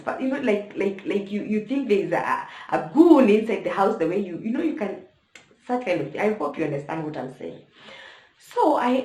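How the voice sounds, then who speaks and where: A young woman vlogger with a Kenyan accent tells a personal story to camera, speaking straight to her viewers with emotion. Her fairly high voice is expressive and a little mellow, at normal speed, in an echoey room.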